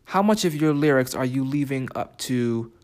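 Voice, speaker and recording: Male writing instructor, mid-pitched, reflective lesson delivery with questions to the listener. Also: animated, a little mellow. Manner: reflective, asks listeners questions, reads lyric quotes slowly. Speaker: writing teacher. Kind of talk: spoken lesson comparing translations.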